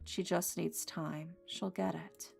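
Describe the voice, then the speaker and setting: A woman's voice: on the low side, steady tone, slow, gravelly, a little mellow, husky, soft background music, heavily acted. A woman voicing a tired, fretful professor in a visual novel game, scolding and worn out. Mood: weary. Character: weary, fretful professor caring for creatures.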